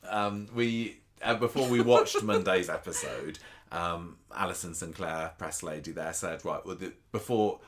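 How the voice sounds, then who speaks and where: Man, very low voice, casual podcast co-host, chatty, rambling, restarts a lot. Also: a little slow, hardly any pauses. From England. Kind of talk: casual chat about a soap opera.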